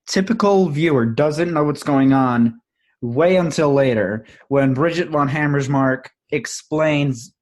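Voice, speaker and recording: A man hosting a casual film-discussion podcast over an online call, explaining scenes with enthusiasm. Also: mid-range voice. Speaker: podcast host.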